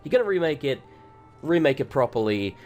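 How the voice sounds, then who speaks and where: A man's voice: mid-range voice, very animated, a little fast, a little mellow. A man casually commenting on his gameplay as a let's play host, brash and profane, with a voice that keeps cracking. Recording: voice with game music behind.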